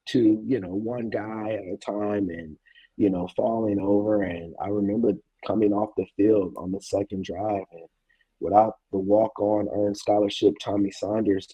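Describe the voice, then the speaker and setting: A man in his thirties, a former college football player, recounting a game in a reflective, halting way with many fillers. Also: fairly low pitch, warm tone, husky, no room sound, dull audio. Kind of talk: casual interview storytelling.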